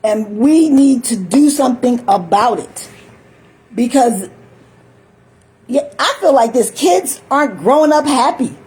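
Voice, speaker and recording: A woman's voice: fairly high pitch, animated, measured pace, darkish tone, rough recording. An older woman talking in a rambling, chatty monologue, often laughing and acting out little voices. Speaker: vlogger.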